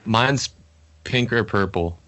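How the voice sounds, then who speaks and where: A man's voice: lowish voice, a bit bright. A young man in his twenties hosting a podcast over a video call, chatting casually, teasing and joking. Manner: joking, teasing, quick to laugh. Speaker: podcast host. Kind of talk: casual chat.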